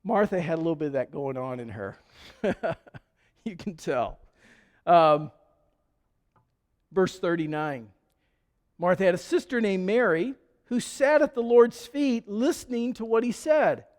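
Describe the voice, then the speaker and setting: High-voiced preacher in a reverberant hall. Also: male voice, lively intonation, a little slow, pauses often, darkish tone. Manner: conversational storytelling with chuckles. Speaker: pastor. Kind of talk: sermon. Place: church sanctuary. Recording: long church hall reverb.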